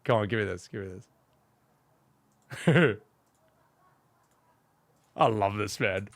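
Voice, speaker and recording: A man's voice: lowish voice, slow pace, vocal fry, no echo. A man chatting casually on a live game stream, opinionated and rambling, swearing freely.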